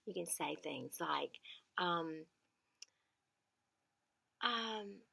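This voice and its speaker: A woman's voice: lowish voice, extremely slow, creaky, bright, forceful tone, breathy edge. A middle-aged woman, giving earnest caregiving tips in a casual vlog and repeating words for emphasis.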